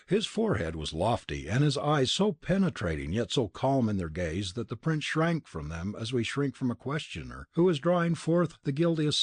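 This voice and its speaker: A man narrating a classic novel as an audiobook in a measured, expressive storytelling manner. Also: fairly low pitch, husky, no echo.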